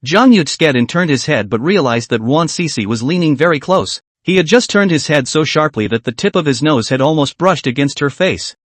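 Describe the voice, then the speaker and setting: A man narrating a comic recap in a slightly high voice that swings widely in pitch. The reading is flat and machine-like, recorded close and dry with no room sound. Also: a little fast, few pauses, dry recording.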